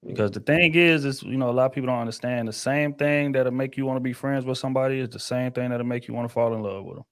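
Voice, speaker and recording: A laid-back man hosts a casual panel discussion in a slangy, emphatic style. His voice sits at an ordinary middle pitch. He calls on guests with easy, familiar nicknames. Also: fast talker, a bit bright. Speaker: host.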